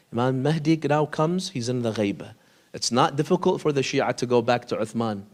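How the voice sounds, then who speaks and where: Animated man giving a storytelling sermon. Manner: addresses listeners as brothers and sisters, recites Arabic quotes; drops low and quiet on key lines, lifts high for questions. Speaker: speaker at an Islamic institute. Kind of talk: storytelling lecture to a congregation.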